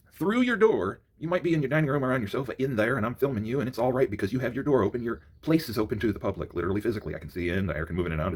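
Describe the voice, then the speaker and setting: A man with a husky, slightly rough voice tears through a fast, profane rant. His pitch leaps and drops constantly, and he swings from low grumbling mutters to loud outbursts. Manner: angry, profane, swings from mutters to near-shouts. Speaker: vlogger ranting to camera.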